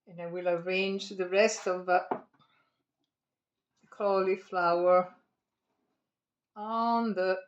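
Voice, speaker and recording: A woman's voice: on the low side, reverberant, highs cut off. A woman with an Italian accent giving a cooking demonstration at home, chatty and digressive, laughing often. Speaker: home cook.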